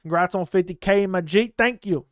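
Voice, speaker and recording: A man's voice: sits high, normal speed, dry recording. A man hosting a live stream, chatting casually and bluntly in loose slang while he reads out viewer comments. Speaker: livestream host. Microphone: studio microphone close up.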